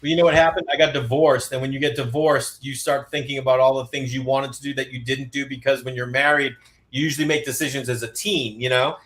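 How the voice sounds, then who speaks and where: A divorced dad chatting casually on a podcast, telling lively stories and acting out the voices of the people in them. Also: male voice, mid-range voice, fast talker. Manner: animated storyteller, acts out quotes, swears freely.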